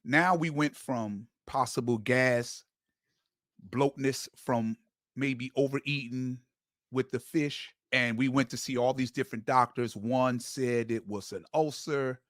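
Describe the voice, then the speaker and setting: Man, interview host, mid pitch, dry close mic, short prompting questions. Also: steady tone, unhurried, fairly bright tone, no room sound.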